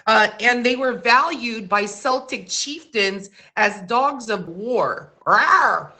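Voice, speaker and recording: A woman's voice: a little high, slow, bright, forceful tone. A woman hosting a live-stream trivia quiz, asking questions and reading out facts in a chatty way, with small slips along the way.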